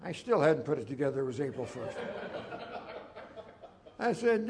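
A man's voice: mid-range voice, very animated, normal speed, pauses often, darkish tone, a little hiss or hum. A male pastor preaching a folksy, conversational sermon, telling personal stories with emphatic turns.

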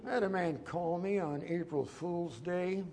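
A man's voice: high voice, a little slow, background noise. A male pastor preaching a folksy, conversational sermon, telling personal stories with emphatic turns.

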